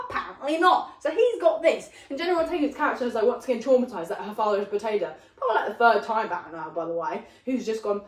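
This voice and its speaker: Young woman, high-ish voice, chatty rambling retelling, recorded on a phone across an echoey room. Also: quick pace, hardly any pauses, distant mic. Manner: rambling and animated, with lots of fillers. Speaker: vlogger retelling a film plot. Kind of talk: casual rambling plot retelling. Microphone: phone propped up at a distance. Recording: roomy, voice off the phone mic.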